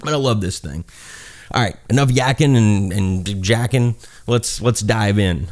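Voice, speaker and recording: A man with a Southern accent talks through a review in a loose, rambling way, swearing freely and poking fun at himself. His voice sits a bit low. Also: a little slow. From South Carolina, US. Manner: rambling, profane, self-mocking, laughs at own jokes. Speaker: gun reviewer. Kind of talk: casual review talk.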